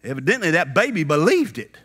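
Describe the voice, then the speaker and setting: A man preaching a sermon at a conference, animated and shouting at peaks, slipping into character voices for retold scenes. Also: on the high side, quick pace, slightly rough. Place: conference hall.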